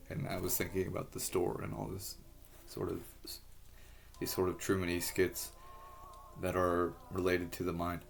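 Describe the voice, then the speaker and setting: A man in a rambling personal monologue, halting and frustrated, swearing heavily as he talks. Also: sits low, gravelly, a little hiss or hum.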